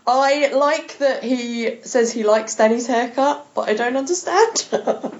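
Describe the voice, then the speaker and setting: A woman's voice: on the high side, slow pace, a little mellow, muffled recording. A woman hosting a podcast, chatting with enthusiasm and laughing often. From England. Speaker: podcast host. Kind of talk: casual chat.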